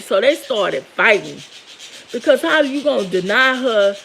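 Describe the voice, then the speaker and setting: Brief: middle-aged woman vlogger, gravelly fry in her voice, raw and candid, faint hiss behind. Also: fairly high pitch, expressive, unhurried, a bit bright, low-quality recording. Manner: emotional, candid, tearful at moments. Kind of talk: personal storytelling to viewers.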